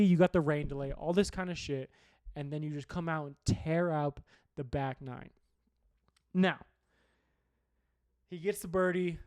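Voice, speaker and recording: A young male sports podcast host with a slightly high voice chats casually about the weekend's golf. He rambles, restarts and swears freely. The recording is dry, with no room sound. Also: dry recording. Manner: rambling, profane, conversational recap.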